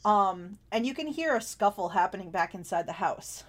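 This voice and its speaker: A woman's voice: mid-range voice, expressive, moderate pace. A woman narrating a tabletop game as game master, chatty and laughing often, with frequent fillers.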